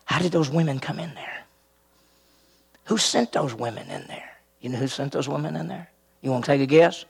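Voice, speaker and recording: Husky, gravelly preacher man. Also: a little high, normal speed. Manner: animated, quizzes listeners with questions. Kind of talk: expository sermon.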